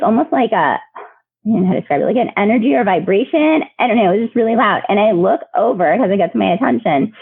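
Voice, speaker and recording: A woman guest sharing personal stories in a lively, chatty way, with many fillers and laughs, heard over a remote call. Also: mid-range voice, slightly rough, dry recording. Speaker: podcast guest. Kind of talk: emotional storytelling. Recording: tinny phone line.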